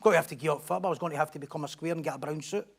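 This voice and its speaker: A man preaching a sermon as pastor, animated, acting out crowd voices and swinging from loud declarations to hushed asides. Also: fairly high pitch, very fast, creaky, husky. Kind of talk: expository sermon.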